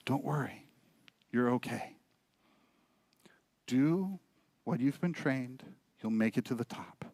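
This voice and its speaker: Man playing a hushed, steady dad, slightly raised voice, dry close sound. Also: on the high side, moderate pace, no room sound. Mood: reassuring. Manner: soft, quiet and calm. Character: gentle, reassuring father of a young boy.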